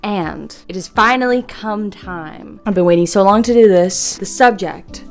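A young woman chatting to camera as an art vlogger. She talks in a playful, rambling way and jokes around. Her pitch sits in the middle for a woman. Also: unhurried, faint music behind. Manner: playful, goofy, rambling fan chatter with jokey voices. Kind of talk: casual chat to camera.

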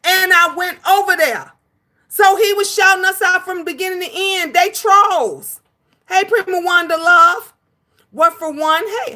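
A woman chats with viewers on her own livestream, her voice high and bright. She is emphatic and animated and repeats herself for effect. She curses freely when she scolds trolls. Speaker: livestream host. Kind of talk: casual livestream chat, answering viewers.

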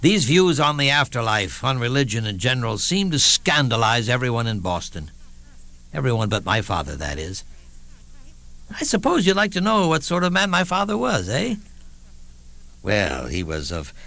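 A man's voice: mid-range voice, a bit bright, dry recording. An actor playing a witty elderly statesman, telling wry anecdotes in a theatrical one-man stage monologue with chuckling asides.

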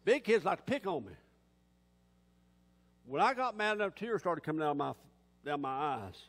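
A man's voice: fairly high pitch, big pitch swings, moderate pace, a bit bright. A man, a pastor, preaching an impassioned sermon in a folksy, plain-spoken way. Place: church sanctuary. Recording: long church hall reverb.

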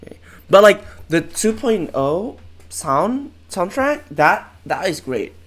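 A streamer giving excited live reaction commentary, full of exclamations and swearing. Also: medium pitch, slow.

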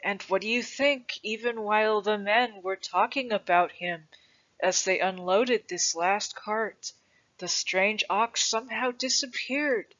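A reader voicing an old grandfather who tells a legend to his grandson in a patient, gentle way. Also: medium pitch, measured pace. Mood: wondering. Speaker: storyteller. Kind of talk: storybook reading. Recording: dull lo-fi recording.

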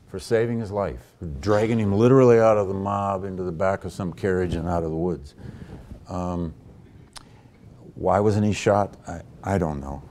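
A historian with a very low, mellow voice answers audience questions in a lecture hall. He thinks aloud, pausing on his words and making frequent false starts as he works through each answer.

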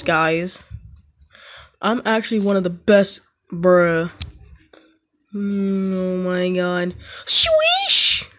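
A woman chatting casually over gameplay at home, slangy and prone to sudden excited yelps. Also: medium pitch. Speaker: gaming YouTuber.

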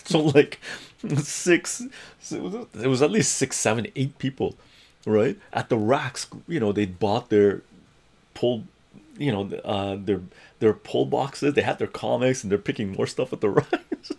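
Gravelly man telling a story animatedly. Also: medium pitch, measured pace. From Canada. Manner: animated anecdote-telling, laughs often, tag questions. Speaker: livestream host. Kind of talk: casual livestream storytelling. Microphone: lapel mic.

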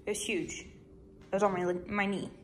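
A woman's voice: medium pitch, steady tone, measured pace, a little hiss or hum. A woman chatting casually to a phone camera at home in a rambling vlog, with lots of fillers. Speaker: vlogger.

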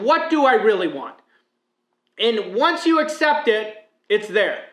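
This man's very high, somewhat bright voice carries a motivational talk in which, as a mindset coach, he preaches emphatically and fires off rhetorical question after rhetorical question. The room has a noticeable echo.

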